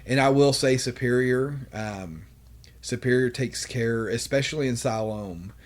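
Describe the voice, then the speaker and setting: A man's voice: medium pitch, measured pace. A man, a podcast guest telling work stories in casual, profane chat and acting out what people said. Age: 40s. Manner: animated, profane storytelling, acts out quotes.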